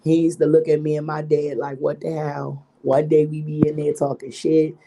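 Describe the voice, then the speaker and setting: A woman's voice: low-pitched, level tone, a little fast, warm tone, slight background noise. A middle-aged woman vlogging a candid story, with profane, emphatic and preachy talk.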